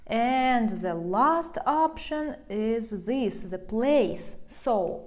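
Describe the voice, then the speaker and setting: A woman's voice: a little high, lively intonation, slow pace, a little mellow. A young woman teaching a language lesson on video, patiently explaining step by step with examples.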